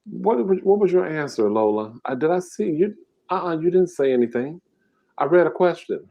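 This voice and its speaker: A man's voice: fairly high pitch, animated, normal speed, creaky, muffled recording. Casual man hosting a live trivia game. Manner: reads quiz questions aloud and banters with chat, casual slangy talk. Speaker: mukbang host running a live trivia game. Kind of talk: casual live-stream chat.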